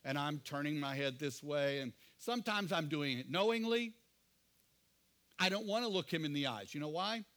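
A middle-aged male pastor preaching a sermon, earnest, often asking the congregation questions and dropping to quiet asides. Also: a little high, animated, moderate pace.

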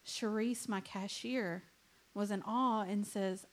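A woman's voice: medium pitch, fairly even intonation, unhurried, vocal fry. A woman in church telling her own story, plainly and earnestly. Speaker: church member giving testimony. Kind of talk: testimony story.

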